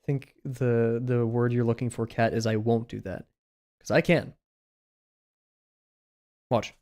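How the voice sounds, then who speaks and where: A man's voice: mid-range voice, steady tone, a little slow, darkish tone. Chatty man streaming while drawing. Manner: rambling, chatty asides with filler words. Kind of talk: casual live-stream chat while drawing.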